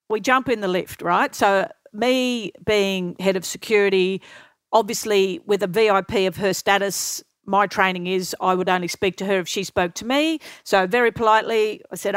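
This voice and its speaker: A middle-aged woman telling lively anecdotes as an interview guest, acting out what others said. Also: mid-range voice, moderate pace, clear, resonant tone, no room sound. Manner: lively anecdotal storyteller, acts out quotes. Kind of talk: storytelling interview.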